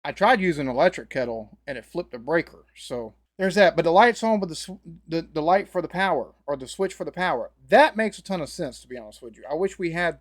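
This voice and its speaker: A man's voice: a little high, expressive, fast talker, few pauses, dry recording, clean studio sound. An American man giving casual, folksy reaction commentary, laughing often and rambling as he talks. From United States. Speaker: reaction video host.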